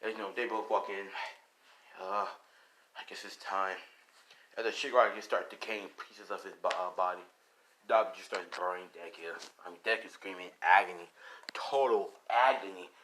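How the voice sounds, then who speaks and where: A man's voice: low voice, fairly even intonation, moderate pace, bright, forceful tone, a little hiss or hum. A young man casually retelling a fan story, rambling and swearing and laughing often.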